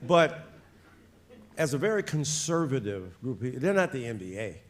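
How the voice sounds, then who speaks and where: A male interviewer on stage at an author event, talking in lively bursts. He turns loud and fast when he gets worked up, then drops to quiet asides and jokes. His pitch sits mid-range for a man. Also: a crowd in the background. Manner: animated, jokey, swings from loud to quiet, quick bursts.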